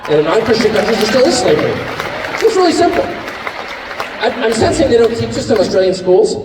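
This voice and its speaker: A middle-aged American man speaks at a live event with an animated, mocking tone and a lively, swinging pitch. The sound is distant and echoey, as if recorded from far back in a large hall. A crowd murmurs faintly behind him. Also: moderate pace, noisy background. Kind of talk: live public speech.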